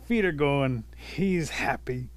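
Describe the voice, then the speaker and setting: Man telling an animated animal fable. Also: medium pitch, takes it slowly. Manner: animated, chuckling. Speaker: storyteller. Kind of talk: told folk tale.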